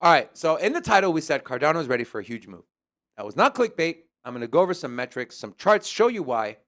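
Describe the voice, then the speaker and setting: Guy hosting a crypto stream, kinda high voice, bounces all over, jokey and loose. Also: quick pace. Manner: joking, animated, teasing banter. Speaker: crypto show host. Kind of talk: casual chat and chart analysis.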